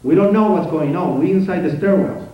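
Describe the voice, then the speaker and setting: A man giving a conference speech as first-person testimony, telling it dramatically with swings between loud outbursts and hushed passages. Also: a little high, a little fast, muffled recording. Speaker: conference speaker. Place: conference hall. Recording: very echoey hall, distant mic, faint noise.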